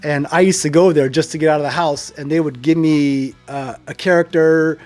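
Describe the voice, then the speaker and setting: A man's voice: fairly high pitch, fairly even intonation, normal speed, a little mellow, soft background music. A man in his sixties casually telling a long personal story, wandering off on side trails and chuckling at himself. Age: 60s. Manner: digressive, loses track and chuckles. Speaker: storyteller host.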